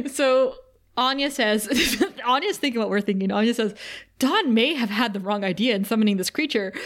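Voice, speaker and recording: A woman co-hosting a podcast, retelling scenes in casual chat and laughing often. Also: on the high side. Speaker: podcast co-host.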